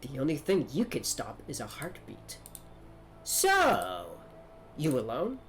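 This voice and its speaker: A man's voice: medium pitch, sing-song, normal speed, darkish tone, slight background noise. A man streaming a game, casually commenting, talking to chat and reading dialogue aloud. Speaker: gaming streamer.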